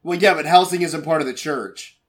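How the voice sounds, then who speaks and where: A man's voice: fairly high pitch, fairly quick, a crowd in the background. A man in casual group chat, blunt and sarcastic, swearing.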